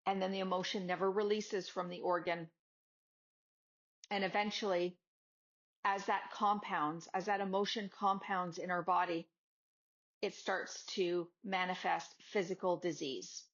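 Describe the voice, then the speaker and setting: Her lowish voice is unhurried, fairly bright, and fairly even in intonation. This yoga teacher and podcast host delivers a chatty motivational talk, playing out small exchanges with her students, captured in slightly dull lo-fi audio.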